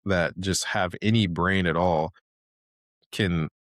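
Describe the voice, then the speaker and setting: A man's voice: sits low, steady tone, slow pace, no echo, studio quality. A man in his thirties hosting a podcast, ranting casually in a loose, rambling way full of fillers and restarts. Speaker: podcast host.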